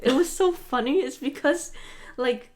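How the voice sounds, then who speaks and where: A young woman in her early twenties chatting on a podcast, her voice sitting a little high. She laughs easily and stumbles along with plenty of "like" fillers. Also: darkish tone. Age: early 20s. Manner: giggly, halting, fills with "like". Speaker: podcast co-host. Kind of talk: casual chat.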